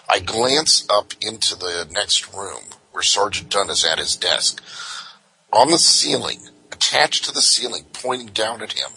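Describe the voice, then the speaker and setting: Older man, low and bright, highly animated guest telling war stories. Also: a little hiss or hum, poor audio. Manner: animated, full of "you know" asides. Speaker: guest, former undercover investigator. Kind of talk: anecdotal storytelling in an interview.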